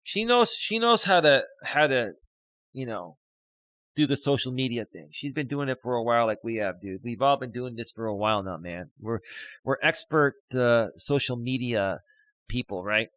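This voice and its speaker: A man's voice: medium pitch, expressive, normal speed, fairly bright tone, no echo, low-quality recording. Middle-aged male streamer-coach, casual and rambling, reads comments aloud; dry, close recording. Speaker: live stream host, life coach. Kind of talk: casual live stream chat reading comments.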